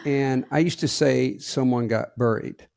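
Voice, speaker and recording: Southern guy on a podcast, gravelly voice, dry close mic, folksy and plainspoken. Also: mid-range voice, unhurried, a little mellow, no room sound. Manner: folksy, plainspoken, preachy asides to leaders. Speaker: podcast co-host. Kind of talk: casual podcast talk.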